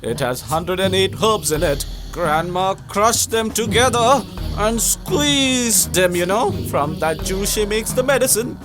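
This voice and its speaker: A man dubbing the role of an excitable young man with a comic manner in a film. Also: high voice, measured pace, few pauses, over music. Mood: excited. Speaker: dubbing actor. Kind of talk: dubbed film dialogue.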